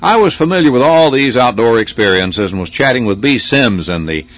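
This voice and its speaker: An older man hosting a local radio program, reading his memories in a wry, unhurried storytelling way. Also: mid-range voice, animated. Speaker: radio host. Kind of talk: scripted radio reminiscence. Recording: dull lo-fi radio recording.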